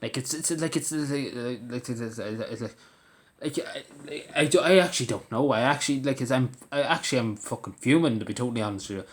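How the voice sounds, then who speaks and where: A man from Ireland launches into a brisk, angry monologue as a commentator, his medium-pitched voice full of swearing and stuttering false starts.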